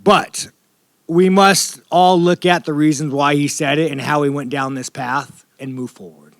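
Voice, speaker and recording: A man's voice: fairly high pitch, steady tone, unhurried, fairly bright tone, no echo, studio quality. A man from the United States, a professional fighter at a press scrum, talking in a blunt, rambling, profane way. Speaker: professional fighter at media day.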